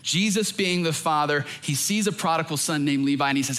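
A man's voice: a little high, fairly quick, few pauses, fairly bright tone. A young adult man, a pastor, preaching a sermon in an earnest, emphatic way.

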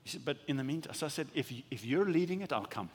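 A male pastor preaches with lively energy, slipping into voices for small imagined exchanges and tripping over his own restarts. His voice sits fairly high for a man and comes across a little husky. The sound carries a long reverb from a big church hall. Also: fast talker. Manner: animated, acts out little dialogues with stammering restarts. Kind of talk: sermon.

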